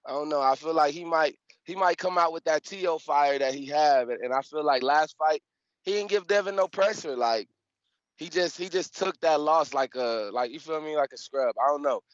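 A man calling in to talk boxing, halting and hesitant with lots of fillers. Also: on the high side, no room sound, lo-fi sound. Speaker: caller. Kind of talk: casual boxing chat.

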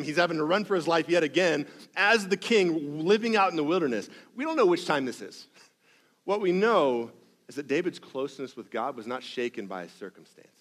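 A man's voice: fairly high pitch, fairly bright tone. A man preaching a sermon as pastor, conversational and emphatic, with self-deprecating asides and rhythmic repetitions.

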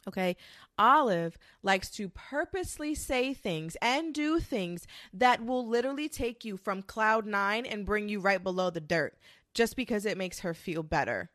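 Sassy young woman venting to camera, profane and animated, dry close recording. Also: medium pitch, unhurried, no room sound. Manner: sassy, profane, animated storytelling with mocking quoted voices. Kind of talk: ranting commentary monologue.

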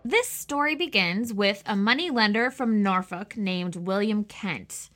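A woman's voice: mid-range voice, a little slow, fairly bright tone, soft background music. A woman co-hosting a history podcast, narrating a story from a script with chatty asides. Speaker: podcast co-host.

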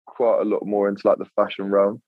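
A young man talks casually in a laid-back, rambling way. His voice sits fairly low. The audio is dull and lo-fi, close and dry. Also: monotone, quick pace, no echo. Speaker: podcast guest, clothing creator. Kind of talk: casual chat.

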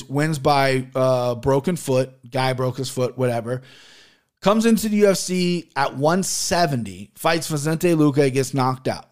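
A man with a somewhat high voice breaks down fight results in a loose, casual way. He is blunt and profane, and his thoughts ramble with frequent fillers. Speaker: MMA podcast host reviewing fights. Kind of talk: casual chat.

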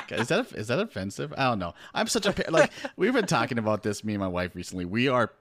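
A man's voice: mid-range voice, very animated, fast, fairly bright tone, no echo. A man talking as a podcast guest about his first novel, rambling casually and laughing often between thoughts. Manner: rambling, laughs often, slips into imitated accents. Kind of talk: casual chat.

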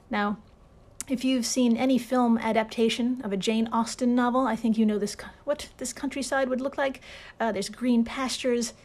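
A woman's voice: on the high side, darkish tone. A woman hosting a podcast, narrating in a chatty, irreverent way with frequent laughs and swearing. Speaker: podcast host.

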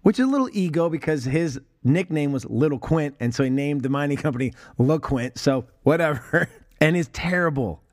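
A man's voice: fairly high pitch, lively intonation, moderate pace, no echo, clean studio sound. A man hosting a podcast, chatting casually about films and laughing often. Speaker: podcast host. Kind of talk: casual film discussion.

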